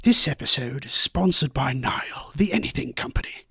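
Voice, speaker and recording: A man voicing a nature-documentary narrator with a British accent, reading a fake ad in a hushed, dramatic way. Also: mid-range voice, animated, moderate pace, gravelly, husky, no room sound, studio quality, heavily acted. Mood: mock solemn.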